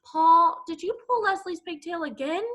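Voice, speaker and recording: A woman's voice: extremely high pitch, normal speed, fairly bright tone, pitched above the performer's own voice. A woman voicing a stern schoolteacher questioning a pupil.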